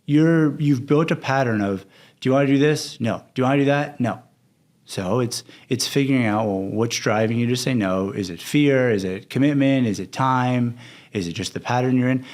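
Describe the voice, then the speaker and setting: Speaking at a moderate pace in a medium-pitched, slightly mellow voice with lively intonation, a young coach guesting on a podcast tells stories candidly. He acts out quoted conversations throughout the casual interview.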